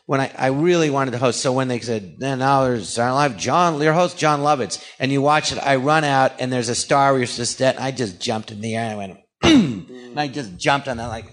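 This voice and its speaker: Male guest, middle-aged, animated raconteur who acts out every quoted line. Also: mid-range voice, fairly quick, few pauses. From California. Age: 40s or older. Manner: animated storyteller acting out quoted dialogue. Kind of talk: anecdotal storytelling.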